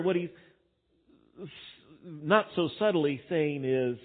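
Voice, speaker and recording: Man, preacher, sermon, emphatic, loud then quiet, slightly high voice, tinny phone-like audio. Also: takes it slowly, long pauses. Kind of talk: expository sermon.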